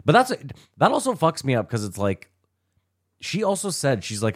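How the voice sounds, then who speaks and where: A man's voice: on the high side, huge pitch swings, normal speed. A man co-hosting a podcast, trading crude jokes and laughing often in casual banter. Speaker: podcast co-host.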